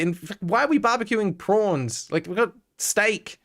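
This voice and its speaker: A man's voice: sits high, a little slow, a bit bright. An Australian man chatting casually on a live stream, laughing often and answering his chat.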